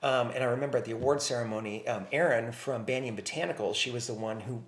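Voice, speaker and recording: A man talks as a guest on a conversational podcast, at a middle pitch. He tells stories with animated energy and slips into the voices of people he remembers. The sound carries a roomy echo. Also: fast talker. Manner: animated storyteller, acts out remembered dialogue. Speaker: guest, company owner.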